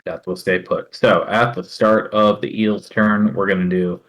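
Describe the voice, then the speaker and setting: A man running a tabletop game as dungeon master, narrating slowly and carefully, with many fillers between phrases. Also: lowish voice, flat delivery, rough recording.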